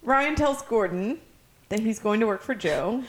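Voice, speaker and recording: A woman's voice: on the high side, animated, measured pace, very noisy. A woman co-hosting a casual show recap, chatty, laughing often and acting out scenes in quoted voices. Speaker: podcast co-host.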